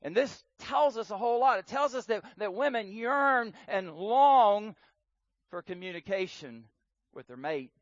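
A man preaching a sermon on marriage in an earnest way, repeating words for emphasis and swinging between loud and soft. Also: sits high, expressive, a little slow, no room sound, highs cut off.

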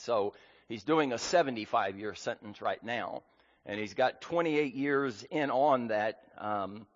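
A man preaching a sermon as pastor, earnest and emphatic, with frequent fillers. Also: mid-range voice. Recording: dull sound with long hall reverb.

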